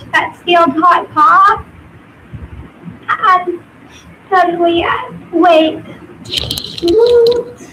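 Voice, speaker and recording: Young woman, high voice, halting casual study talk, faint room noise. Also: bright, forceful tone, roomy sound, rough recording. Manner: hesitant, halting, thinking aloud. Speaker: student.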